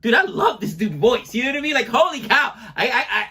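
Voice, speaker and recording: A man's voice: very high-pitched, very animated, quick pace, bright, forceful tone. A man in his forties chatting casually as a co-host of a music reaction video. He rambles and gushes, often checking in with "you know what I mean". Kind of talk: casual chat.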